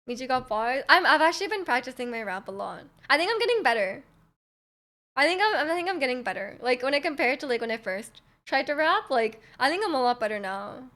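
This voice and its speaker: A young woman with a high, light voice chats casually on a livestream. She rambles in a friendly way, answers viewers' questions and often restarts her sentences. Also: big pitch swings, fast, few pauses, bright, forceful tone. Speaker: livestreamer reading chat.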